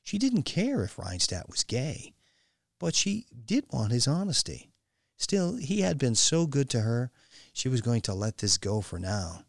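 A man reading an audiobook in a measured, even storytelling manner. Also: mid-range voice, gravelly, no echo, studio quality. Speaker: audiobook narrator. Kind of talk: scripted narration.

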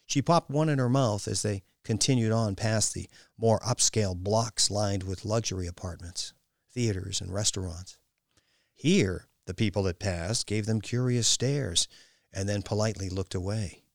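A man with a lowish voice narrates a scripted audiobook in a measured, even storytelling style. The recording is clean studio sound with no echo.

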